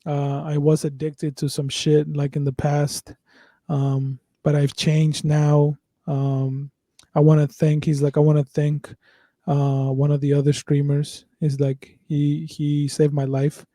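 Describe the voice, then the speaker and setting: A man's voice: fairly high pitch, completely flat delivery, slow, dark tone, no echo. A man hosting a podcast, chatting casually, rambling and swearing with lots of fillers and restarts. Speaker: podcast host.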